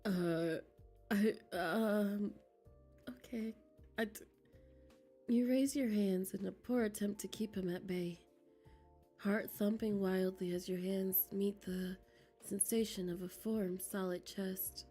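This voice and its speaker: A woman's voice: medium pitch, steady tone, takes it slowly, warm tone, slightly rough, faint music behind. A woman streamer reading a game aloud, giggly and flustered, dropping into whispers as she reads.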